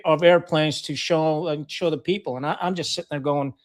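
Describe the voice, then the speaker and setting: A man's voice: fairly high pitch, fairly even intonation, moderate pace, hardly any pauses. A middle-aged man from Pakistan, a retired Marine officer, telling war stories as a podcast guest in a frank, profane way, with lots of fillers and restarts. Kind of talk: casual storytelling interview.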